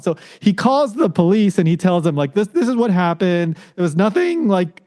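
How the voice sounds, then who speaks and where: American guy, high voice, guest on a podcast telling a story, acts out what people said. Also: normal speed. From United States. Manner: animated, acts out quoted voices with rising pitch. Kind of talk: casual storytelling.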